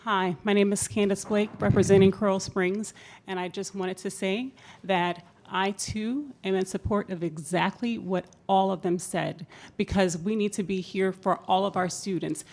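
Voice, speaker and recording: A woman giving a short, earnest public comment in support at a school board meeting. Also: medium pitch.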